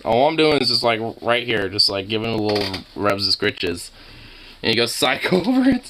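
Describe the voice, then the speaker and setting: A man talking to his pet in casual, teasing baby talk, with a high, sing-song cooing manner. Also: very animated, normal speed, bright, forceful tone, slight background noise. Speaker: pet owner vlogger.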